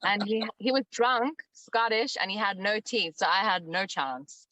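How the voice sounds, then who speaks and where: A woman's voice: medium pitch, a little slow, bright, forceful tone, no room sound. A woman from South Africa, a musician guest in a casual interview, talking frankly with swearing and many "like"s.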